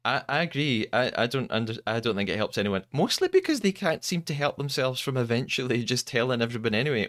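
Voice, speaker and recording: A man's voice: mid-range voice, sing-song, quick pace, few pauses, fairly bright tone, no room sound, clean studio sound. A man hosting a podcast, chatting casually, asking his guest questions and laughing easily. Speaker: podcast host. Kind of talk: casual chat.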